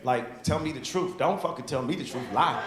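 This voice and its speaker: A man's voice: on the high side, fairly quick. A man in his thirties doing a stand-up set, telling profane stories with lots of energy. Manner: profane, animated storytelling. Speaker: stand-up comedian. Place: comedy club stage. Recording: echoey club with loud crowd noise.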